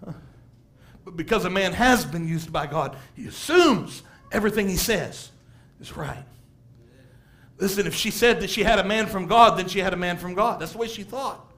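A middle-aged man preaching a sermon as pastor, animated, laughing and acting out quotes from people. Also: high-pitched, moderate pace.

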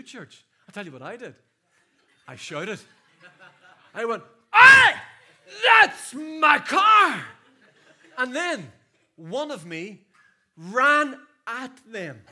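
A pastor preaching in a church with a high, very bright, ringing voice. He leaps from near-shouted calls to quiet, conversational storytelling, with plenty of energy. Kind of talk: sermon. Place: church hall.

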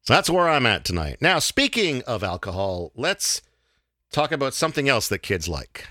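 A man hosting a casual podcast, talking in a halting way with many fillers and restarts. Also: medium pitch, very animated, sharp tone, dry recording. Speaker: podcast host.

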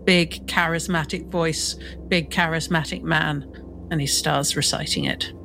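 A woman plays a tabletop game, describing what her character does in a playful way. Her voice is low and gravelly, and she speaks slowly over faint music. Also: steady tone, bright, forceful tone, poor audio. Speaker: player. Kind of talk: casual game play and narrating her character.

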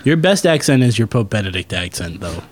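A man's voice: on the low side, big pitch swings, fairly quick. Joking male podcast co-host. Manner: joking, playful banter. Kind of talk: casual chat.

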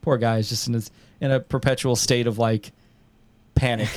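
A man's voice: mid-range voice, normal speed, no room sound. Young male podcast host, laid-back chat, loose and profane, dry close sound. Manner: swears often, animated storytelling with quoted voices. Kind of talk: casual chat.

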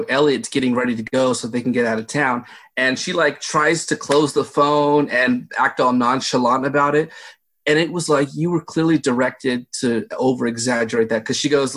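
A man's voice: mid-range voice, a bit bright. A young man co-hosting a movie review podcast, laughing as he retells scenes in casual chat. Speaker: podcast co-host.

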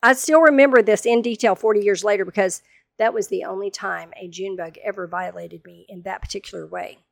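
Woman in her sixties, comic storyteller, dry close mic, animated and dramatic. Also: mid-range voice, brisk, creaky, no echo. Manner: animated, dramatic, humorous retelling. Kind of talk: casual storytelling monologue.

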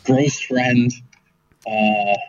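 A man's voice: medium pitch, steady tone, drawn-out words, muffled recording. A man guesting on a casual podcast, guessing puzzled at word meanings with many fillers.

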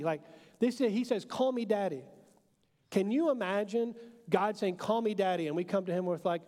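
A man in his thirties, a pastor preaching a sermon in a relaxed, joking way, full of fillers. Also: sits high, moderate pace. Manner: casual and joking, with many fillers. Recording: long hall reverb.

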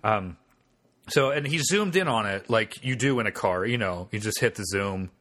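A man's voice: lowish voice, animated, normal speed, fairly bright tone. A man hosting a comedy podcast, telling a story in casual banter with profane, wry asides.

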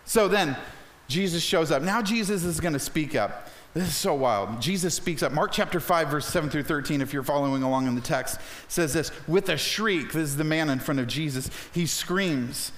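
A man preaching a sermon as a pastor, conversational and energetic, slipping into acted quotes. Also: on the high side, moderate pace, few pauses, echoey room.

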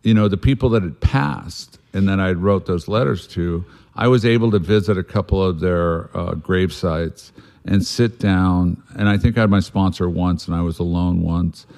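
Deep-voiced man telling a candid story. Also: moderate pace, vocal fry, darkish tone. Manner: blunt, swears freely, loose and rambling; earnest and reflective about making amends. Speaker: guest sharing a recovery story.

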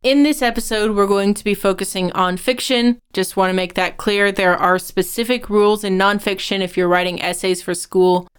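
A woman co-hosting a writing-advice podcast, explaining points in a measured, instructive way. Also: medium pitch, fairly even intonation, clear, resonant tone. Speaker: podcast co-host.

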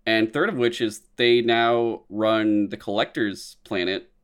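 A man's voice: lowish voice, steady tone, unhurried, clear, resonant tone. A young man in casual, profane chat about a movie, acting out quotes from scenes. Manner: laid-back, swears often, acts out quotes.

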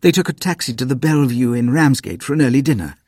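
A man's voice: mid-range voice, lively intonation, fast, darkish tone, no room sound, clean studio sound, pitched above the performer's own voice, close to an everyday voice. A man voicing an earnest, slightly nervous young mother in a storybook reading. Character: anxious practical young mother.

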